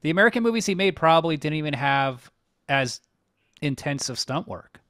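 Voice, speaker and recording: A man's voice: fairly high pitch, lively intonation, fairly quick, fairly bright tone, no room sound, clean studio sound. A young man co-hosting a podcast, bluntly recapping a movie plot in casual, profane chat. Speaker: podcast co-host.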